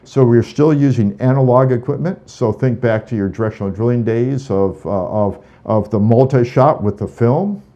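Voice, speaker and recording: A man's voice: mid-range voice, moderate pace, few pauses, mellow, lo-fi sound. A man, a guest on an interview show about drilling engineering, talking casually and earnestly, often repeating words as he thinks.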